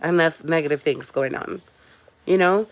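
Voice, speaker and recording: A woman's voice: deep voice, moderate pace. A young woman vlogger and mother chatting emphatically to her viewers, speaking to them directly in a casual way. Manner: coos softly in baby talk to her infant. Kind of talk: casual talk to camera.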